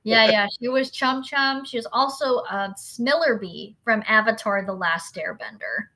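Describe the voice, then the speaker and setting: Woman, young adult, podcast guest, eager fan chatter, very bright voice, slightly high. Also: expressive, unhurried. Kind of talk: casual podcast chat.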